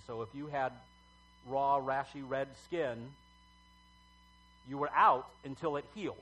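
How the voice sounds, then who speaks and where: A middle-aged man preaching a sermon as pastor, talking conversationally with halting fillers and emphatic swells. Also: on the high side, fairly bright tone, poor audio.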